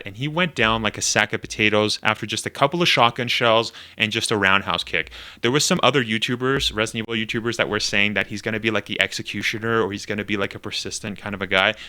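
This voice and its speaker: Bright-voiced man rambling through commentary. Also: on the low side. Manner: rambling, thinks aloud, lots of fillers. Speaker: YouTube host. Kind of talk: casual reaction commentary.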